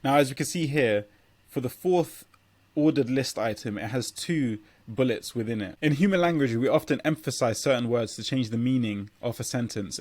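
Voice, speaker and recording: A man's voice: mid-range voice, darkish tone, no room sound. A man teaching a coding lesson, explaining steadily as he walks through examples on screen and sometimes restarting a phrase while typing. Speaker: coding tutor. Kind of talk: screen-recorded coding tutorial.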